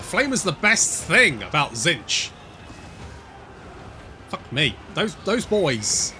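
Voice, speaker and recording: Excitable sweary gamer. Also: male voice, on the high side, slight background noise. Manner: excitable, sweary, talks to units. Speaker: gaming channel host. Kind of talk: casual gameplay commentary.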